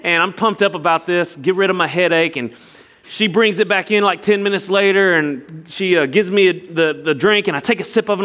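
This young adult man preaches fairly quickly in a high-pitched voice. As a pastor, he tells stories, does animated impressions of others, and appeals earnestly to his listeners.

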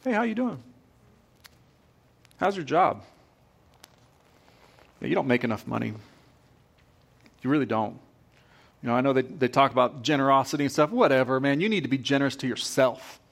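A man putting on a hushed, sly tempter. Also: expressive, moderate pace, creaky, pauses often. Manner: low, hushed, chummy whispering. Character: sly tempting male devil, friendly and insinuating.

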